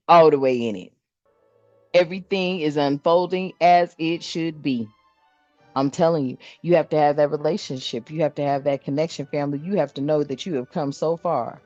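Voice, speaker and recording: A woman's voice: low-pitched, no room sound, dull audio. A woman giving a casual spiritual card reading, blunt and profane, laughing often as she talks.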